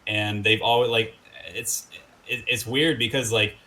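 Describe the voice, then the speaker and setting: Bright-voiced man chatting casually. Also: fairly low pitch, unhurried, rough recording. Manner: rambling, filler-heavy, animated when quoting people. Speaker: guest musician. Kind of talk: casual interview chat.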